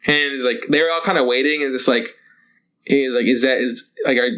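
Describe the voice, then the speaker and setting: A man's voice: mid-range voice, fairly quick, fairly bright tone. A man co-hosting a podcast, chatting casually and rambling through stories, mimicking the people he talks about. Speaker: podcast co-host.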